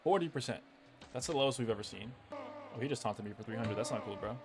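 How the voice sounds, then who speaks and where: Excitable young man commenting on gameplay. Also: mid-range voice, fast. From United States. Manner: excitable, exasperated, says "bro" a lot. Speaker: gaming video creator. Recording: game music behind the voice.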